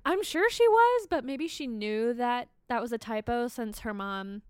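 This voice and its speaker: A young woman co-hosting a casual chat podcast, animated and quoting text messages as she tells stories. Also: fairly high pitch, measured pace, smooth, no room sound, studio quality. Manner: animated storyteller, quotes texts, laughs often.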